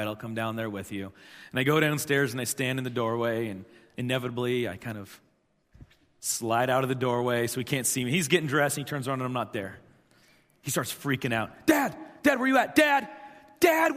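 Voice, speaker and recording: A pastor in his thirties with a slightly high, fairly bright voice gives a conversational sermon in a church. He repeats his points emphatically, and the sound carries a long church hall reverb.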